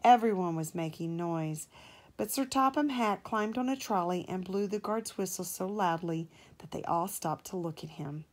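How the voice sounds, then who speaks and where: A woman, a mother, reading a children's storybook aloud to her child in a gentle, measured way. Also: lowish voice.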